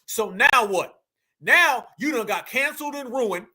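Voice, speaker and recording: A man's voice: very high-pitched, animated, unhurried, pushed and bright, husky. A man from the United States giving a heated, profane commentary monologue full of slang and emphatic repetition. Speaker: commentary channel host.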